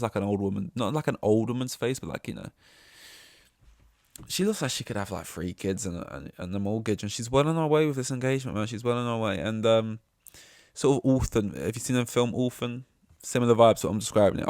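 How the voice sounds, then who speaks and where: Young man, podcast host, low voice, dry close sound, sarcastic, rambling. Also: dry recording. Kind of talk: casual solo podcast monologue.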